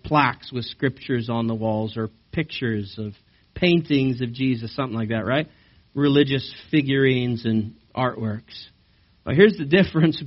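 A man preaches a sermon at a church service. He is animated and often asks the congregation questions, at a middling pitch for a man. The recording sounds slightly dull. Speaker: pastor.

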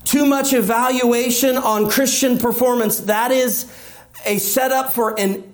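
A man with a high voice preaches a sermon. He leans on rhetorical questions and speaks with emphasis. At times he acts out the anxious or boastful inner voice of a believer. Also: fairly even intonation, a little slow. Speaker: pastor.

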